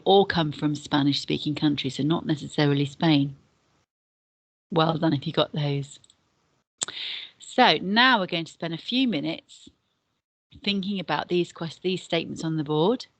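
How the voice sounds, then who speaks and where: A deputy head and Spanish teacher with a notably low voice walks pupils through a recorded classroom lesson for beginners. She is patient, repeating and spelling things out one step at a time, and her voice sounds close and dry with no room echo.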